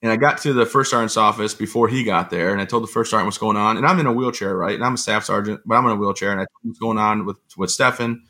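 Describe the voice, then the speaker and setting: A man telling stories as an interview guest, in an animated, rambling conversational way. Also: lowish voice. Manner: fast, animated storytelling with rambling asides. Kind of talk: conversational storytelling.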